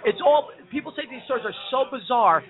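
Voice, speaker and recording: A man's voice: very high-pitched, animated, fast. Earnest male talk host, tinny sound. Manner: earnest, preachy, repeats himself. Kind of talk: casual bar-room talk show chat. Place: pub.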